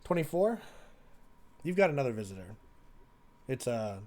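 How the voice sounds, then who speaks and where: A man's voice: very animated, moderate pace, darkish tone, natural voice. Man playing a stern, formal prison warden. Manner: low, clipped and formal.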